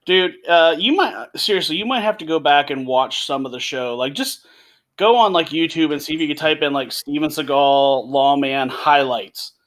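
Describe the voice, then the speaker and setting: A man's voice: a little high, moderate pace. A man co-hosting a podcast in casual chat, telling stories with energy, swearing and acting out the quotes. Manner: animated storyteller, swears, acts out quotes. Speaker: podcast co-host.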